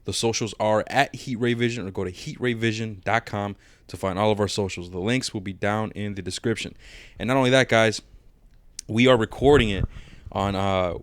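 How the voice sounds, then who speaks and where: A young man hosts a casual podcast with a slightly low voice. He sounds laid-back and slangy. The mic is close and dry. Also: fairly even intonation, normal speed, no room sound. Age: young adult. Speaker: podcast host.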